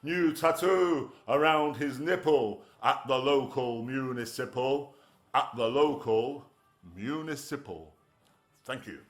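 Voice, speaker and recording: A man's voice: medium pitch, takes it slowly. A man performing his poems live in a studio, punchy and rhythmic, with playful asides between pieces. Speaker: performance poet. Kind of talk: live poetry reading.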